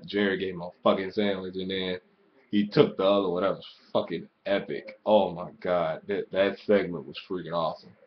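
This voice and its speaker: A man with a lowish voice rants through a casual wrestling recap, swearing at every turn and jumping between hype and irritation. The sound is dull and lo-fi, like a cheap home microphone. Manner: excitable, swears constantly, rants. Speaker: wrestling show reviewer. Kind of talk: casual profane review rant.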